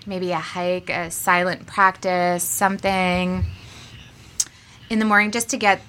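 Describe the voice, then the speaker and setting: Chatty, upbeat woman with a bright voice. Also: lowish voice, level tone, unhurried, clear, resonant tone. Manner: upbeat and chatty, laughs often. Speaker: aerial yoga studio owner, podcast guest. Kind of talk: casual podcast interview.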